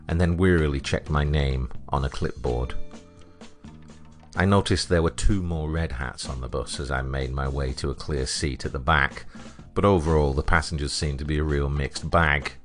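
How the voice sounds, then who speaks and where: A man with a British accent narrating a comic story in a deadpan, wry way. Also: very deep voice, normal speed, faint music behind.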